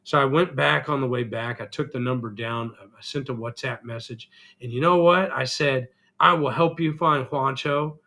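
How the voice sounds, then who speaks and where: A man's voice: mid-range voice, moderate pace, few pauses, pushed and bright. A middle-aged man vlogging an earnest, emotional personal reflection, still getting over an illness. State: recovering from illness, congested.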